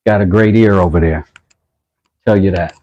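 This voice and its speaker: A man's voice: low voice, normal speed, a little mellow, dull audio. A man hosting a casual woodworking livestream, rambling and self-mocking as he reads chat messages aloud.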